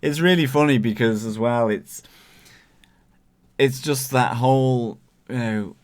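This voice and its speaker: A man's voice: medium pitch, measured pace. A man co-hosting a podcast, chatting casually and searching for words as he rambles through his thoughts. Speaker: podcast co-host. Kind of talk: casual TV review chat.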